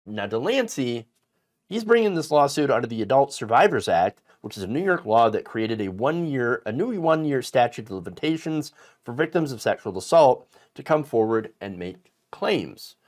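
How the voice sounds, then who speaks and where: A man's voice: mid-range voice, sing-song, moderate pace. A man hosting an online political commentary show, talking in an indignant, emphatic way with frequent fillers and restarts.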